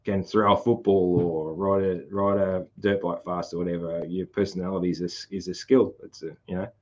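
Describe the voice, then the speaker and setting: A man's voice: sits low, level tone, brisk, a little mellow, lo-fi sound. A man with a broad Australian country accent, hosting a casual podcast chat, rambling and laughing often. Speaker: podcast host.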